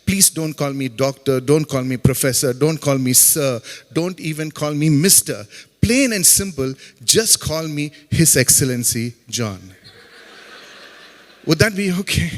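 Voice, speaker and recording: In a campus auditorium with a long, echoing reverb, a middle-aged guest speaker from Chennai delivers a funny, faith-centered talk, peppered with joking asides to listeners. His Indian English is slightly high, expressive, and a little slow.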